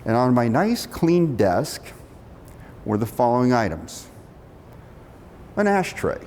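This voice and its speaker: A middle-aged man telling a story from his working life, animated, acting out the quotes. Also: slow pace. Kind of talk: storytelling talk. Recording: long reverb of a hall, faint rumble.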